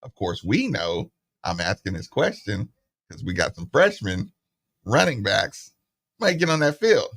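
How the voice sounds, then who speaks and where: Speaking into a studio microphone, this middle-aged sports radio host spins animated, easygoing stories and imitates whoever he's quoting. He talks a little slowly in a lowish, creaky voice.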